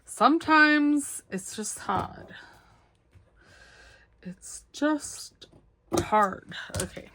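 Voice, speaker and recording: This middle-aged craft host talks casually through her vlog, cutting, sewing and inking while joking at her own expense and chatting to herself. Her voice is on the high side and a bit bright, with a little hiss or hum underneath.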